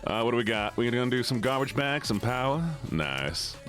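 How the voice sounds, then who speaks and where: Young male streamer, mid pitch, lively and laughing, faint music bed. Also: normal speed. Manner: animated, laughs often, reacts to chat. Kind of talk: casual livestream chat reading.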